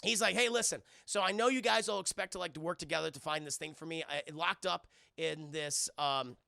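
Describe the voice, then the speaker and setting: Gravelly high-voiced man ranting about a film. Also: a little fast, sharp tone, no echo, studio quality. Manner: rambling, profane, acts out characters' lines. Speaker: streamer reviewing a film for chat. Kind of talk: casual profane movie recap.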